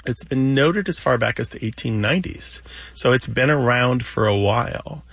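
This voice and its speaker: A man's voice: medium pitch, expressive, moderate pace, gravelly, fairly bright tone, no echo. A man co-hosting a radio show about language, explaining word lore in a patient, step-by-step way from a studio microphone. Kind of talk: casual explanatory radio chat.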